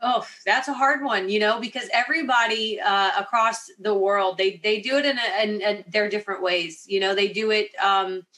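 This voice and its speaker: Bright-voiced woman, former Marine. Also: mid-range voice, steady tone, normal speed, few pauses. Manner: searching for words, many fillers. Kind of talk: casual interview answer.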